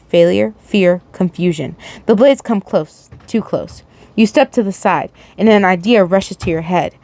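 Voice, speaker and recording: A woman's voice: medium pitch, a little mellow, no echo. A woman reading fan fiction aloud in a casual way, stumbling and restarting words now and then. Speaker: fanfiction reader.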